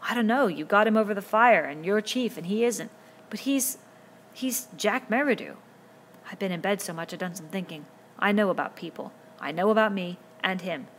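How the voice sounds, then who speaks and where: A woman's voice: medium pitch, moderate pace, a little hiss or hum, lightly acted. A woman voicing an anxious, bookish, plump schoolboy with asthma, speaking earnestly in a raised, worried voice.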